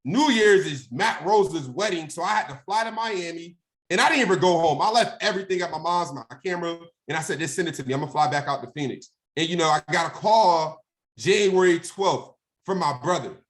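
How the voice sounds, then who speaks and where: A young guest speaker tells a personal story casually, frequently asking "right?" and acting out phone calls. His voice is fairly high and he speaks a little fast.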